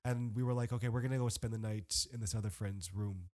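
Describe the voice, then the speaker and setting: Young man, casual podcast host, animated storyteller, plenty of fillers, laughs often. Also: lowish voice, fast. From Canada. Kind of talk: casual chat.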